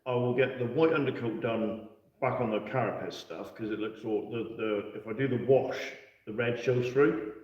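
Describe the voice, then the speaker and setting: A man's voice: mid-range voice, moderate pace. A man from England hosting a live stream about tabletop wargaming, chatting casually and laughing often. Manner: chatty storyteller, laughs a lot. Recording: echoey, distant, dull live-stream audio.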